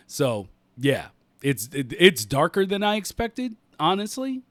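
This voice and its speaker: Male podcast co-host, slightly high voice, dry close sound, emphatic, repeats himself. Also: sing-song, a little slow, a bit bright, no echo. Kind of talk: casual chat.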